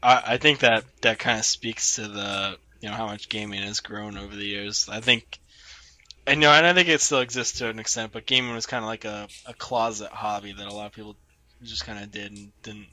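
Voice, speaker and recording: A man's voice: lowish voice, fairly even intonation, brisk, bright, forceful tone, dry recording. A man co-hosting a casual podcast, musing and filling gaps with "you know". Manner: reflective, leans on "you know". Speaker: podcast co-host. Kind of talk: casual chat.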